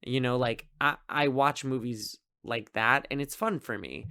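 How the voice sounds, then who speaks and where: A man's voice: medium pitch, a little slow, pushed and bright, clear, resonant tone. A man hosting a podcast, reviewing a film in a casual, rambling way, full of fillers and amused asides. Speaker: podcast host. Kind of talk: casual solo movie review.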